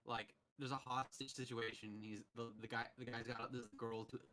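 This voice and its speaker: A young man chatting casually over a voice call, his voice bright and forward. He tells stories with animated energy and keeps slipping into the lines he quotes. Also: mid-range voice, normal speed. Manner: animated storytelling, acting out quotes. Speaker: podcast host. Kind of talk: casual chat.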